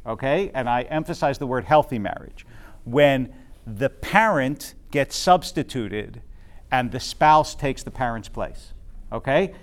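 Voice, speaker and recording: A man's voice: mid-range voice, animated, measured pace. A man teaching a Bible class to a live group, thinking aloud with frequent fillers and restarts and often checking in with his listeners.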